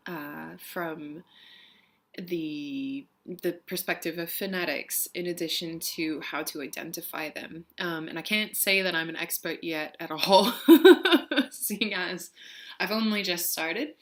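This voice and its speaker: A woman's voice: on the low side, fairly bright tone. A young woman vlogger who reads out a word list and a poem, then chats with frequent ums and laughs. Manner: chatty, laughs often, many ums. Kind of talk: reading a word list and poem, casual chat.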